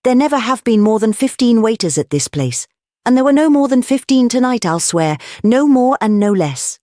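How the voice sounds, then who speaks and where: A narrator voicing an excitable, boyish young duke who talks eagerly. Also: medium pitch, normal speed, dry recording, studio quality, natural voice. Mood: excited.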